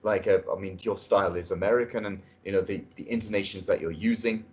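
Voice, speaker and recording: A British man with a fairly low voice gives spoken feedback on a mock exam. He sounds encouraging and restarts his phrases often. He is recorded indoors at a language school. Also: quick pace, a little mellow. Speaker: speaking test examiner. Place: indoor room at a language academy.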